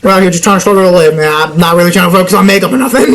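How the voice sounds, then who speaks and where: A man's voice: high voice, lively intonation, very fast, fairly bright tone, soft background music, poor audio. A young man giving casual gameplay commentary, rambling and laughing often. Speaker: gameplay YouTuber.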